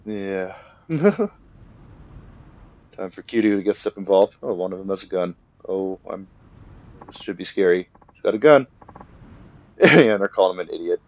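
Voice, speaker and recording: A young man giving rambling, casual commentary over a game, acting out the characters' lines in quick bursts. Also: low-pitched, expressive, highs cut off. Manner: rambling, filler-heavy, acts out characters' lines. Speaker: let's play commentator.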